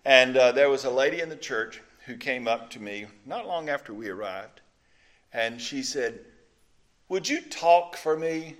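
A middle-aged man from the Mississippi coast with a Mississippi accent, preaching a conversational sermon with folksy stories and filler pauses. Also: mid-range voice, a bit bright. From Mississippi Gulf Coast. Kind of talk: sermon teaching with folksy anecdotes.

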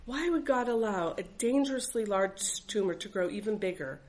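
A woman's voice: medium pitch, animated, moderate pace, darkish tone, poor audio. A woman reading aloud from her own memoir as a mother, in an earnest, reflective voice. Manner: earnest, reflective, faith-filled.

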